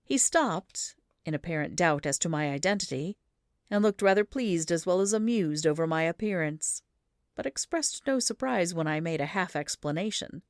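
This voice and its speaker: In a low, steady voice, a woman narrates an audiobook with measured, even delivery. The recording is close and dry, free of any room sound.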